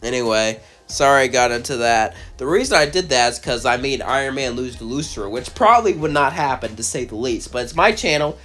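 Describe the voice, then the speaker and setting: A man hosting his own channel, telling a crossover story in a casual way and then ranting in an animated, exasperated voice, with a slight cough. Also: medium pitch, a little fast, hardly any pauses, faint music behind. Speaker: channel host, narrator.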